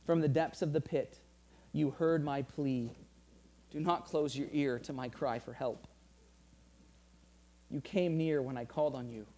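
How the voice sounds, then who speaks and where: A man preaching a sermon in an earnest way, often repeating words and dropping softer to read scripture. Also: on the high side, steady tone, a little slow, long pauses. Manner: earnest, repeats phrases, drops soft for scripture. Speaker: pastor.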